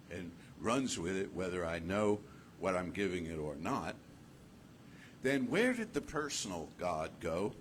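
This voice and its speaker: A man giving a conversational sermon as minister, animated and playful, acting out little voices and laughing at his own jokes. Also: lowish voice, a little hiss or hum. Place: church hall.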